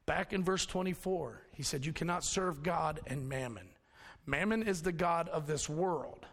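A man's voice: on the high side, a little slow, fairly bright tone, in a large hall. A man preaching a sermon in a folksy storytelling manner, mixing scripture with personal stories. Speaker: pastor.

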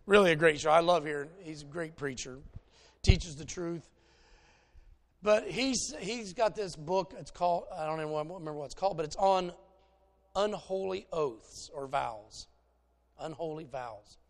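A man's voice: on the high side, unhurried. A man preaching a conversational sermon in a folksy, plainspoken way, telling stories to make his points.

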